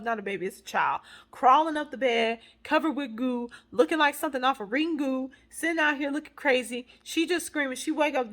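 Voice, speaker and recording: A woman with a somewhat high voice talks through a movie's plot for her vlog. She is chatty and animated, and she drops in dramatic asides of her own as she goes. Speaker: movie reviewer. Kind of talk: casual movie recap vlog.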